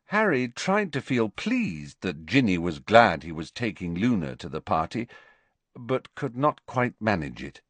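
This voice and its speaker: A man narrating an audiobook with expressive, varied storytelling. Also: fairly low pitch, a little slow, no room sound. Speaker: audiobook reader.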